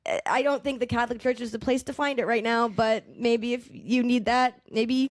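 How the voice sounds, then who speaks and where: A woman stand-up comedian from the Boston area, chatting casually as a podcast guest. She tells stories in an animated way, with a lot of fillers and frequent swearing. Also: a little high, normal speed, no room sound, studio quality.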